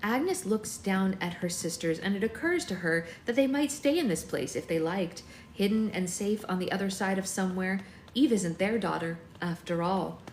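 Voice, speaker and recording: A woman's voice: medium pitch, animated, normal speed, hardly any pauses, darkish tone, slight background noise. A woman hosting a book club, reading a novel aloud steadily with chatty asides. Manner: reads steadily, voicing characters, chatty asides. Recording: roomy room echo.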